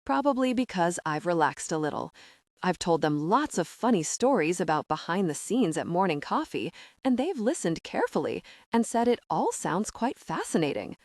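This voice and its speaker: A woman narrating a comic audiobook in the first person, expressive and self-mocking in a flustered way. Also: lowish voice, moderate pace, dry recording, clean studio sound.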